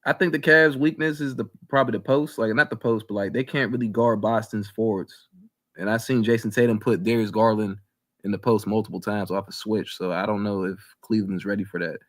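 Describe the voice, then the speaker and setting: A man co-hosting a casual basketball podcast, talking in an animated, slangy way and repeating himself as he argues. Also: lowish voice, a little fast. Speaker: podcast co-host. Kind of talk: casual sports chat.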